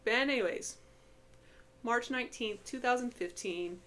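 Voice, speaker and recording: A woman's voice: on the high side, a little slow, fairly bright tone, slight background noise. A woman chatting casually in a home vlog about her pets, chatty and affectionate, slipping into baby talk with her cat. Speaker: pet vlogger. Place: home, indoors.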